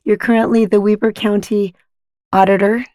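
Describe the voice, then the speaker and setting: Host, woman, medium pitch, hoarse and scratchy, eager and encouraging, dry close mic. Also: flat delivery, moderate pace, warm tone, no room sound. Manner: enthusiastic, encouraging. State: hoarse from laryngitis. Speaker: podcast host. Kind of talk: casual interview talk.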